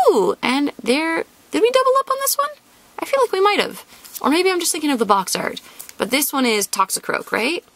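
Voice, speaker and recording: A woman's voice: high voice, very animated, brisk, a bit bright, dry recording. A young woman chatting casually to viewers as she opens card packs, bubbly and squealing over cute cards. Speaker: card-opening vlogger.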